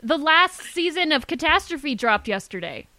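A woman's voice: high voice, very animated, normal speed, pushed and bright, no echo. A woman co-hosting a podcast in a jokey, casual chat. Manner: chatty, jokey, trails off mid-sentence. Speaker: podcast co-host.

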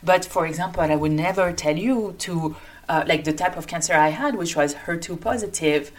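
A woman's voice: fairly low pitch, normal speed. A woman physician with a French accent, hosting a solo podcast in an earnest, hopeful way with many fillers. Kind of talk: casual solo podcast talk.

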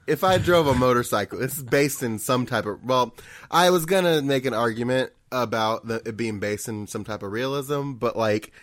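A man with an average-pitched voice riffs through a casual gaming conversation. He sounds animated and incredulous, often breaking into laughter and swearing. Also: moderate pace, no room sound, studio quality. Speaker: podcast co-host.

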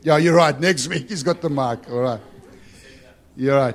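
A man delivers a sermon to a congregation. He talks in a loose, conversational way, then swells into loud, emphatic repeated lines. His voice sits at an ordinary middle pitch. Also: unhurried, long pauses. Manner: conversational with emphatic rising refrains. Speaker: preacher.

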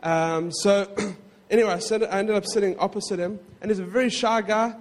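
A man preaching a sermon in a conversational way, with frequent asides to the congregation and quick self-corrections. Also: sits high, fairly even intonation, long reverb tail. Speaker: pastor.

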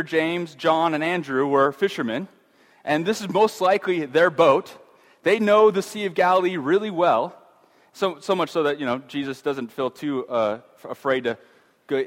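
A middle-aged man giving a casual Bible teaching, chatty, with frequent fillers and restarts. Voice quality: conversational, many fillers and restarts. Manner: acts out voices of fear with rising pitch. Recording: long hall reverb.

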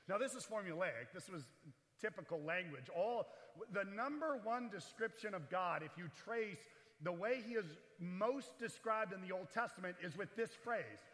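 A man preaching a sermon as pastor in a chapel, animated, swinging between loud and hushed delivery. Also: high-pitched, moderate pace, in a large hall. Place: large echoey chapel.

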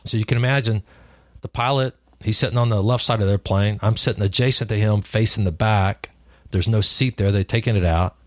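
A man telling a personal story in a relaxed, conversational way, often restarting his sentences. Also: lowish voice, brisk, dry recording, clean studio sound. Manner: conversational, lively retelling with frequent restarts. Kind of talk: personal story told casually.

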